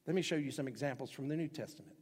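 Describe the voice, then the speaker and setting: Pastor, male, husky and a touch high, emphatic sermon delivery in a reverberant hall. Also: rapid-fire. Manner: emphatic preaching with sudden loud acted-out quotes.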